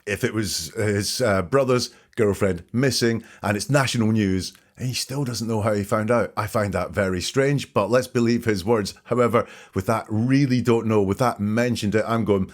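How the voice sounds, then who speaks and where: A man hosting a podcast, calmly picking apart interview answers phrase by phrase. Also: on the low side. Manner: measured, dissecting each phrase. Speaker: podcast host. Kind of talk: analytical commentary on interview clips.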